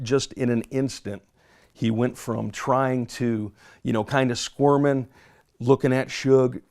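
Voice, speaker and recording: A man, a former police officer, recounting events in a recorded interview clip, halting and searching for words. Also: medium pitch, creaky, darkish tone.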